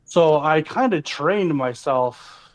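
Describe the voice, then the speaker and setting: A man being coached, talking in a dry, flat way on a casual call. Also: fairly high pitch, slow pace. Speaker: coaching client.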